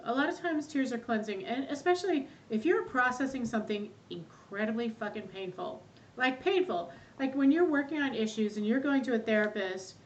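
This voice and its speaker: A woman's voice: on the high side, rough recording. A middle-aged woman talking as a therapist guest in a casual podcast chat, candid, swearing freely and laughing easily.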